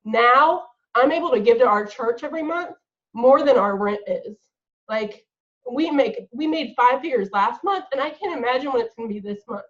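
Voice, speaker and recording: A woman's voice: a little high, expressive, moderate pace, dull audio. A woman giving an earnest, emphatic motivational talk to her sales team on a call. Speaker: guest speaker on a team call.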